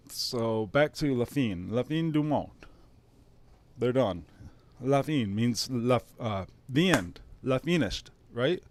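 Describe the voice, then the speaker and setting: A man's voice: medium pitch, no echo. Sarcastic, profane man with a Detroit accent. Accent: Detroit area. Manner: sarcastic, profane, mock-emotional. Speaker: streamer host. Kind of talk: casual rambling monologue.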